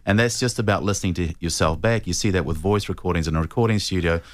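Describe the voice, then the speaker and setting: Brief: New man, voice coach guest, very low voice, measured, dry close sound. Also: dry recording. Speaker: voice and presentation coach. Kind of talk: radio interview answers.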